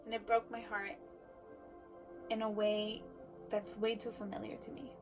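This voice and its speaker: A woman's voice: mid-range voice, little pitch movement, measured pace, music in the background. Emotional woman telling a personal story. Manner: emotional, shifts between loud emphasis and hushed asides. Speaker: speaker.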